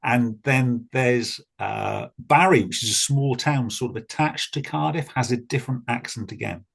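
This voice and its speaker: Husky South Welsh man. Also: mid-range voice, moderate pace. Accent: South Wales. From Wales. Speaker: guest. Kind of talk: casual conversation.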